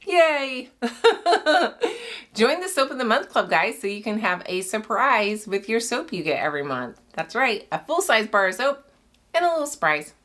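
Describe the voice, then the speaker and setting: A woman's voice: mid-range voice, big pitch swings, brisk, a bit bright. Chatty, out-of-breath woman soap maker. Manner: chatty, rambling, laughs often. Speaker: soap maker, channel host. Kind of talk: casual chat while cutting soap.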